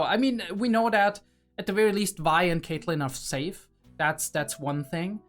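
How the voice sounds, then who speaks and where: A man's voice: high voice, moderate pace, fairly bright tone, soft background music. A young adult man hosting a reaction video, musing aloud in a casual, rambling way with many fillers and restarts.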